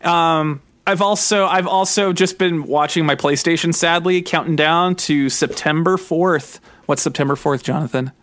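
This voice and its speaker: Excitable rambling man, dry close sound. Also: on the high side, a little slow, hardly any pauses, no room sound. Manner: excitable, rambling, many fillers. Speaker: podcast co-host. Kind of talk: casual chat.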